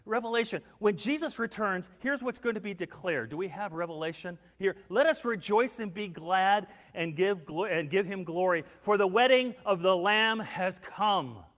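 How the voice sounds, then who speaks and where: A man preaching a sermon as pastor, telling stories with acted-out quotes and swinging between hushed and loud. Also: high-pitched, animated, moderate pace, few pauses, in a large hall. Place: church sanctuary.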